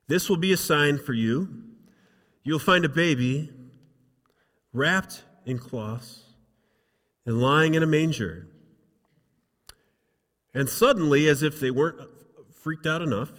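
Pastor preaching in a reverberant hall. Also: male voice, mid-range voice. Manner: dramatic reading, rising loud for quotes, dropping soft for asides. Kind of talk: sermon reading and commenting on scripture.

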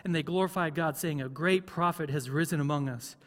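Conversational pastor in an echoing church. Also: male voice, on the high side, a little fast, fairly bright tone. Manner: conversational, asks the congregation questions. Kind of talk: sermon.

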